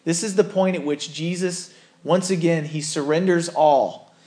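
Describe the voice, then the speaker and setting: A man's voice: fairly high pitch, unhurried, a little mellow. A man preaching a sermon as a pastor, earnest and conversational, often correcting himself mid-sentence.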